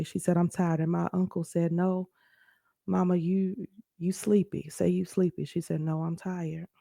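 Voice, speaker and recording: A woman's voice: lowish voice, gravelly, mellow, no room sound. Woman host, earnest teaching talk, dry close sound. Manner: earnest, conversational, speaks directly to listeners. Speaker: podcast host. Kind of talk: personal storytelling and teaching.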